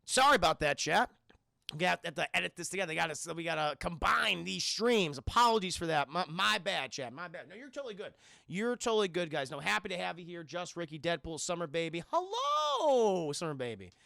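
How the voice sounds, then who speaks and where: A young man streaming from his apartment, recapping a film scene by scene for his chat in an excitable, profane way and acting out the characters' lines. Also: on the high side, brisk, gravelly, no room sound, studio quality.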